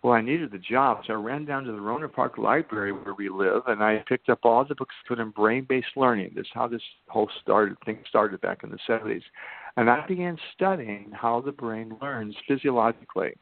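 An older man telling his story as a podcast guest, slowing down to stress key points. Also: medium pitch, vocal fry, dry recording. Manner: emphatic, slows down for key points. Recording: tinny phone-line sound.

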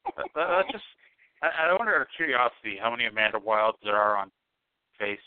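A man hosting a casual call-in wrestling show, teasing a caller in a halting, joking way. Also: lowish voice, sing-song, clean tone, dry recording. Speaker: podcast host. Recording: tinny phone-like sound.

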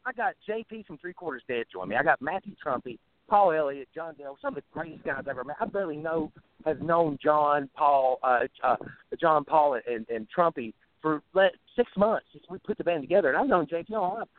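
Fired up and profane, a musician guest on a phone interview rants bluntly in a rural Southern-style American drawl, stumbling over his words with many restarts. His voice is a little high, animated, and fairly quick, and the tinny phone line is dry with no room sound.

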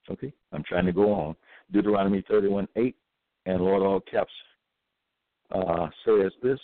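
A man giving a scripture-reading monologue as a religious podcaster, reading verses slowly and solemnly and pausing often with fillers. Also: low voice, no room sound. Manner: halting, with many pauses and fillers. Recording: dry, tinny phone-like audio.

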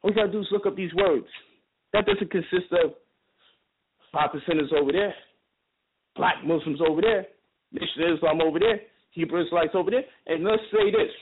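A man holds forth as a radio guest in a heated, preaching monologue, pitched high for a man and swinging between shouted questions and lower, grinding repetition. He swears freely and drives each point home again and again. His voice comes through a thin, phone-like line with a faint hiss behind it. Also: fairly quick, long pauses. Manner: forceful, profane, repetitive rhetorical questions.

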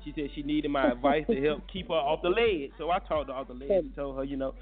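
A man hosting a casual morning talk show, loud and teasing, joking and swearing freely. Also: a little high, quick pace, phone-quality sound. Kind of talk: casual call-in chat.

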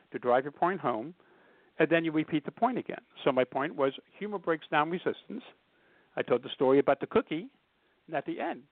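A man guest on a call tells stories with lively energy and puts on voices for the people in them. His voice sits fairly high. The line is thin and phone-like, with no room sound. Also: no echo. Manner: animated storyteller acting out quoted voices. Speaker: guest humor speaker. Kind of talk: telling stories in a radio interview.

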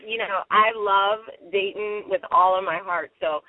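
Chatty woman guest from Ohio, phone-line sound, animated storyteller. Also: mid-range voice, a little slow, dry recording. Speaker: guest matchmaker. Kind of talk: casual phone interview. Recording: tinny phone line, dry.

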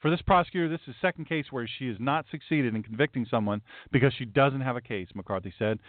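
A man's voice: medium pitch, quick pace, hardly any pauses, no echo. A male host delivering a blunt, emphatic, sarcastic talk-show monologue. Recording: tinny phone-like, dry.

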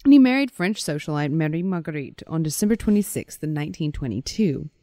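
A woman's voice: deep voice, animated, fairly quick, mellow, no room sound. A woman co-hosting a podcast, telling a story in casual chat and acting out quotes with playful voices. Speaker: podcast co-host.

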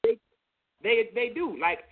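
A man's voice: extremely high pitch, sing-song, unhurried. Emphatic man on a tinny line. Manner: emphatic, repeats phrases, says "you know what I'm saying". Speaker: co-host. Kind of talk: opinionated call-in talk show discussion. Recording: tinny phone-line sound.

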